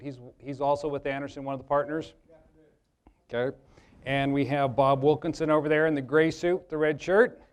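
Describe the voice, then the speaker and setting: A man's voice: medium pitch, clean tone. A man, an attorney, giving a live workshop talk to an audience, chatty and joking as he tells stories. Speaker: attorney presenting a seminar.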